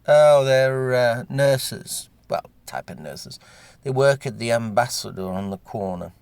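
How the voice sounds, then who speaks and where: A man's voice: mid-range voice, animated, a little slow, creaky, darkish tone, clean tone, no echo. A man voicing a scarred young male drinker, blunt and chatty, with hesitant fillers.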